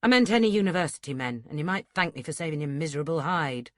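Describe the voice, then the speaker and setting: A woman voicing a stern, gruff young male scholar who talks in curt, scolding lines. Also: deep voice, lively intonation, fast talker, dry recording, clean studio sound.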